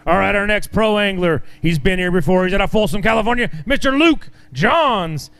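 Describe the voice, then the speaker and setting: High, clear-voiced male weigh-in emcee. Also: expressive, normal speed, fairly bright tone. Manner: upbeat, joking banter with anglers. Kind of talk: live weigh-in announcing. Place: outdoor fishing tournament weigh-in.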